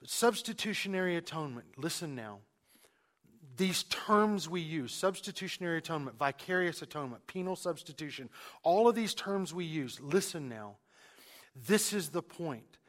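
A man's voice: high-pitched, animated, brisk, a bit bright. A man preaching a sermon as pastor, emphatic, repeating phrases and restarting mid-sentence.

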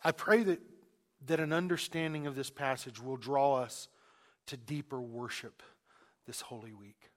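A man's voice: mid-range voice, unhurried. A man preaching a sermon as pastor, emphatic, repeating phrases and restarting mid-sentence.

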